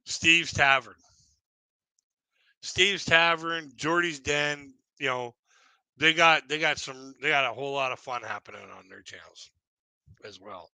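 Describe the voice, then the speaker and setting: A Canadian livestream host tells stories in a casual, rambling way, full of restarts and chuckles. His fairly high voice is pushed and bright yet clear and resonant, delivered at a measured pace with frequent pauses. The audio is poor, though there's no echo.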